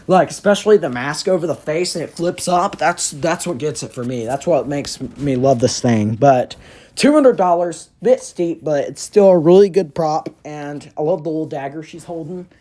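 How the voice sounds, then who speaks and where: A man hosts a casual review vlog in a somewhat high voice. He talks excitably, jumps between gushing and ranting, and exaggerates freely. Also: normal speed. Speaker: prop reviewer, channel host.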